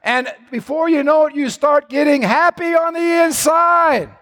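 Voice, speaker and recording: A male pastor preaching a sermon, swinging between low, quiet asides and loud, shouted lines. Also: measured pace, big-room sound.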